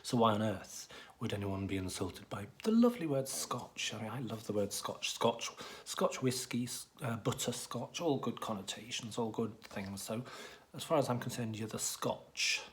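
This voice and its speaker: A man giving a deadpan comic monologue as a mock professor, hesitant and rambling with many ums and restarts. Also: lowish voice, moderate pace, slight background noise. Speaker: comic presenter playing a professor.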